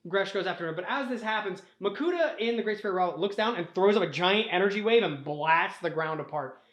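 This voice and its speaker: Young guy riffing through a long story, kinda high voice, swears a lot, roomy echo. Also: animated, fast, fairly bright tone, highs cut off. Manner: profane, rambling, laughing at own slips. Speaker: host retelling a story. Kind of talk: casual comic storytelling with put-on character voices.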